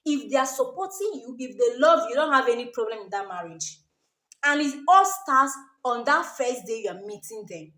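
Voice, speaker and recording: A woman's voice: on the high side, animated, normal speed, fairly bright tone, echoey room. A woman with a Nigerian accent giving emphatic advice to camera, repeating her warnings and tagging sentences with "oh" and "okay?". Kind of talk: casual advice talk to camera.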